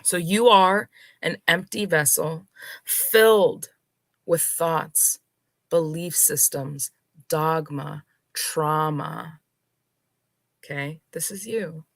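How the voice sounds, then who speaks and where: Speaking to her viewers in a live spiritual talk, this woman sounds reflective and unhurried, her voice sitting low. Soft laughter and pauses punctuate her words, with no room sound in the recording.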